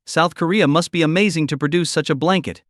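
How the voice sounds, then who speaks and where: A man's voice: on the high side, steady tone, fast, a bit bright, dry recording, studio quality, close to an everyday voice. A man voicing a burly, blunt bearded man in a recap story. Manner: blunt, matter-of-fact.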